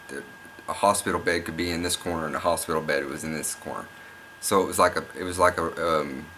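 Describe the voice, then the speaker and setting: A young man with a low, bright-edged voice tells a story straight to camera. He rambles and repeats himself, getting more and more excited. A faint hiss sits under the recording. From Oklahoma. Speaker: vlogger. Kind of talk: casual storytelling vlog.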